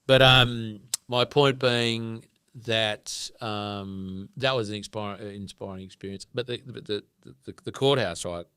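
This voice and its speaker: An Australian man telling animated stories and sometimes swearing as a podcast guest. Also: on the low side, measured pace, few pauses, smooth, no room sound, clean studio sound. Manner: animated storyteller, casual swearing. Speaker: guest farmer. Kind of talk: casual podcast conversation.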